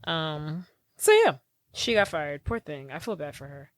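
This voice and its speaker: A woman's voice: deep voice, animated, a little slow, dry recording. A young woman co-hosting a movie podcast in casual chat, reading out trivia and acting out quotes. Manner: chatty, reads out trivia, acts out quotes. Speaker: podcast co-host.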